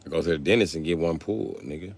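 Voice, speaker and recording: A man's voice: very deep voice, quick pace, slightly rough. A man chatting casually on a livestream, reading comments and trading crude, joking banter with his viewers. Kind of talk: casual live stream chat. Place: South Carolina.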